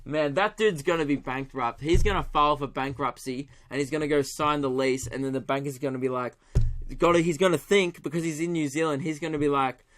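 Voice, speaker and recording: Animated sweary comedian. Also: male voice, a little high, a little fast, slight background noise. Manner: animated, sweary, laughing storytelling with put-on voices. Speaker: comedian podcast host. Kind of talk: solo comedy podcast rant.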